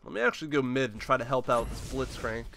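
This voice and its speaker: A young man at a middle pitch chatting through his own gameplay in an easygoing, conversational way. He narrates what he is doing, muses aloud, and bursts into sudden exclamations and laughs when the action heats up. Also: quick pace, vocal fry, fairly bright tone, slight background noise. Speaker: gameplay commentator. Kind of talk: casual live gameplay commentary.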